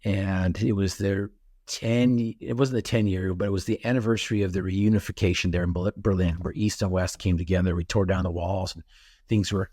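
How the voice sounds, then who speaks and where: A middle-aged man with a lowish voice tells stories as a podcast guest, jumping into his own reactions as he goes. His voice is close and dry, with no room sound around it. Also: a little fast, dry recording. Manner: animated storyteller, acts out his own reactions. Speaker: guest speaker. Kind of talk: storytelling in a podcast interview.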